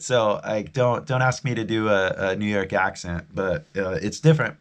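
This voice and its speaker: A man's voice: on the low side, moderate pace. A man with a Californian American accent, chatting casually to viewers on a live stream as an English teacher, rambling and restarting his sentences. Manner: rambling, restarts often, friendly sign-off.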